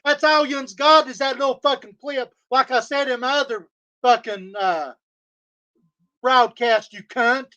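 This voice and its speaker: High, sharp-voiced man ranting angrily. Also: steady tone, unhurried. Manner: profane, heated, repetitive insults. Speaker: livestreamer. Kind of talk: angry livestream rant. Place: home studio.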